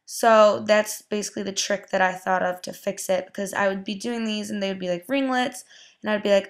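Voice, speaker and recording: A woman's voice: mid-range voice, steady tone, moderate pace. A young woman giving a casual hair tutorial, chatty and full of "like" and "um". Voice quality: gravelly vocal fry. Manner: chatty, lots of "like" and "um". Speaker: beauty vlogger.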